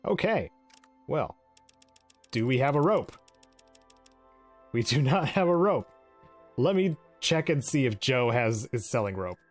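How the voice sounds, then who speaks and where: A man's voice: mid-range voice, animated, a little slow, pauses often, faint music behind. A man giving casual game commentary, chatty and giggly, often restarting his sentences. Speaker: let's play host.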